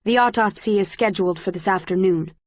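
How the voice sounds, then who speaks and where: A woman reading the lines of a commanding woman official in an audiobook, in a flat, clinical delivery. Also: medium pitch, fairly quick, no echo, clean studio sound, lightly acted. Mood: cold. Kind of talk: audiobook character voice.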